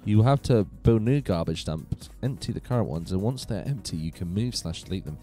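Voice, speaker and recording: A man hosting a live gaming stream, chatty and quick to laugh. His voice sits fairly low, but it swings up and down with a lot of animation, and some music plays faintly behind him. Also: expressive, mellow. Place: home computer room.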